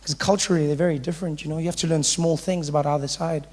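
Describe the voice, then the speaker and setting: A stand-up comedian, telling animated personal stories on a live stage. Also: male voice, a little high, very fast. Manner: animated, switches into character voices. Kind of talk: stand-up storytelling.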